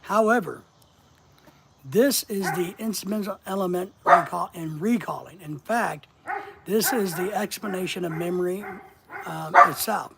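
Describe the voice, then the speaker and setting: A man's voice: high-pitched, unhurried, gravelly, very noisy. A man hosting a casual live stream, talking to viewers and repeating words for emphasis.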